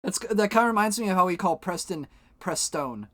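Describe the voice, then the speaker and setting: A man's voice: high-pitched, lively intonation, a little fast, sharp tone, no room sound. A man live-streaming, chatting casually with his viewers and swearing freely as he talks to chat.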